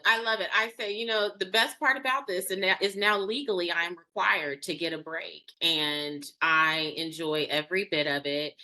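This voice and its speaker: A woman's voice: low voice, bright, forceful tone. A woman podcast host in casual conversation, affirming her guest with emphatic agreement.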